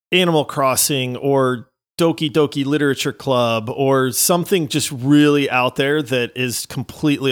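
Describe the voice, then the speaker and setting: A man's voice: medium pitch, a bit bright. A man co-hosting a gaming podcast, chatting casually, laughing often and reading out listener reviews. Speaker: podcast co-host.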